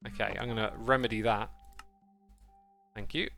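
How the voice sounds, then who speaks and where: Guy streaming a game, mutters along as he plays, kinda high bright voice, faint music behind. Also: steady tone, normal speed, vocal fry. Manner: chatty, muttering to himself while playing. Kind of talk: casual gaming livestream commentary.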